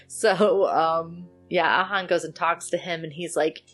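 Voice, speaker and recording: A woman's voice: fairly low pitch, fairly even intonation, measured pace, faint music behind. A woman co-hosting a podcast, chatting casually as she retells a film and acts out its characters' lines. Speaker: podcast co-host. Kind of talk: casual chat recapping a film.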